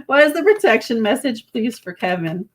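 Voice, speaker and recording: A woman's voice: a little high, sing-song, moderate pace. A woman doing a live tarot reading, chatting casually with viewers and reading card messages aloud. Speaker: tarot reader.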